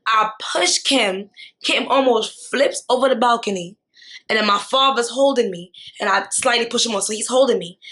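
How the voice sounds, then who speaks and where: Animated young woman telling a story. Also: a little high. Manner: animated, slangy, repeats tag questions. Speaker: vlogger. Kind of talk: storytime vlog.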